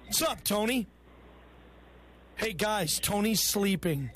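A man hosts a sports call-in show with a strikingly high voice. He talks loose and chummy, riffing between calls. It has a radio broadcast sound. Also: expressive, slow pace, fairly bright tone, a little hiss or hum. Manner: loose, chummy, calls callers bro and brother. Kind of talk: casual call-in radio talk.

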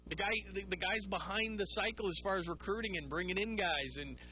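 A man hosting a call-in sports radio show, talking in an animated, rambling way and mocking people in put-on voices. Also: high voice, brisk, rough recording.

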